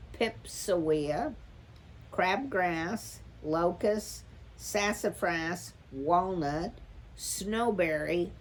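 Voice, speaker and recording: A woman voicing an eager, talkative young mother mouse in a storybook reading, piling up excited questions. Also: fairly low pitch, a little hiss or hum. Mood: gentle.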